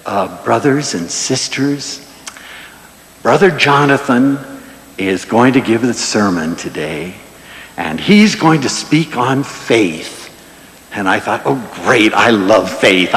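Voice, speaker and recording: A man lecturing to an audience in a large hall, voice rising and falling as he tells his stories. His pitch sits a little high and swings widely. The sound is roomy with a long reverb tail. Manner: animated, expressive storytelling. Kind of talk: inspirational lecture with anecdotes.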